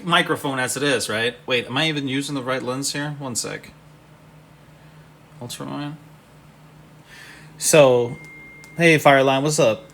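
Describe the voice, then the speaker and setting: A young man casually chatting on a live stream from his home setup, gushing and excitable and swearing freely. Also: fairly high pitch.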